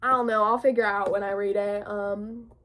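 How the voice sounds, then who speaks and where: A woman's voice: medium pitch, steady tone, moderate pace, fairly bright tone. A teenage girl with a cold and sniffles, chatting casually and rambling about her new books. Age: teens. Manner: rambling, filler-heavy, bubbly. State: sick with sniffles. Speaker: book vlogger. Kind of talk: casual chat.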